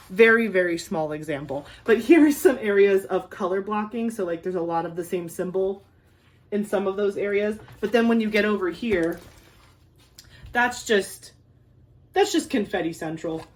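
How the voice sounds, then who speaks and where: A woman crafting vlogger chatting casually to camera while unboxing, gushing and excitable with lots of fillers. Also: mid-range voice, normal speed. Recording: a bit distant from the mic, faint ambient noise.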